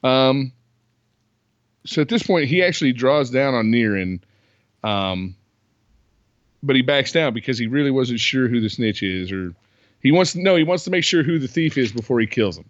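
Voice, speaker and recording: A man's voice: medium pitch, animated, normal speed, pauses often, no room sound, dull audio. A man hosting a casual podcast, chatty as he recaps a movie plot and acts out its lines. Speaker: podcast host.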